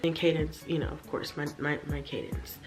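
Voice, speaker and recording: A woman's voice: sits low, steady tone, moderate pace, faint music behind. A tired young mother venting candidly to her viewers from her bedroom, swearing freely and talking straight to the audience. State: tired and stressed. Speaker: vlogger, mother. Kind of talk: casual talk to camera.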